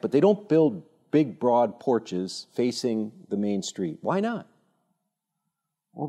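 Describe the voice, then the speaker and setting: A man in his sixties speaking to a younger audience in an animated, rambling storytelling way, full of fillers and restarts. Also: mid-range voice. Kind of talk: informal talk with anecdotes.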